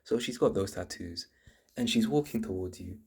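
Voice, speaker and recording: A man's voice: fairly low pitch, lively intonation, normal speed, darkish tone, breathy edge. A man hosting his channel, explaining in a casual, earnest monologue full of restarts and repeated words. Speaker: channel host.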